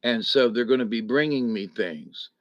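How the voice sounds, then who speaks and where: A man's voice: medium pitch, normal speed, no echo, dull audio. A middle-aged man, recovering at home from back surgery, chatting casually and rambling to his viewers. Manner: rambling, folksy, chuckles between thoughts. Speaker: vlogger talking to viewers. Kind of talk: casual live chat to viewers. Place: home, indoors.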